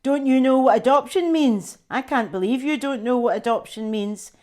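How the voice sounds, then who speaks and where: A woman's voice: medium pitch, moderate pace, close to an everyday voice. A woman doing a taunting big brother. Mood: mocking. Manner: loud, taunting. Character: older brother, boy, mocking and gleeful.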